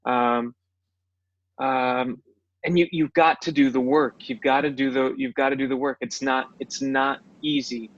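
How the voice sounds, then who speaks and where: A man's voice: mid-range voice, steady tone, unhurried, dry recording. A man who is an actor, telling stories in a reflective way as a guest in a casual interview. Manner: reflective storytelling. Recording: dull, dry audio.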